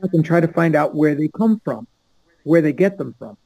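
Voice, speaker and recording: A man's voice: a little high, lively intonation, moderate pace, warm tone, no room sound, low-quality recording. An older man from Los Angeles, a podcast guest telling a long story and acting out the people in it. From Los Angeles, USA. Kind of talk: storytelling anecdote.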